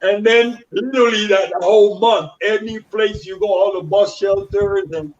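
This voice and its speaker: A man from Panama telling stories as a guest in an interview, animated and acting out what other people said. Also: sits high, moderate pace. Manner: animated storyteller who acts out others' dialogue. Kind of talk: casual storytelling interview. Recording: distant mic, dull lo-fi sound.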